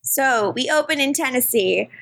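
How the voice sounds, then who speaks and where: American woman podcast co-host, playful and loose, swears casually, slightly high voice, dry close sound. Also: animated, normal speed, vocal fry, a bit bright, dry recording. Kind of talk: casual recap chat.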